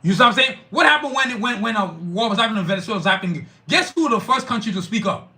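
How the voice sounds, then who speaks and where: Brief: male podcast host, profane heated rant, high bright voice, wildly swinging pitch. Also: expressive, fast. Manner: profane, fired-up, emphatic. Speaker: podcast host reading live chat.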